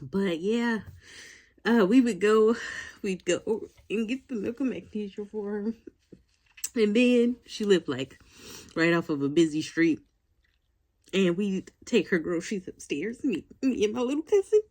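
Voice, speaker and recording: A woman's voice: mid-range voice, lively intonation, a little slow, darkish tone. A woman in her forties telling a casual, rambling story to her vlog audience, full of fillers and asides. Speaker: vlogger.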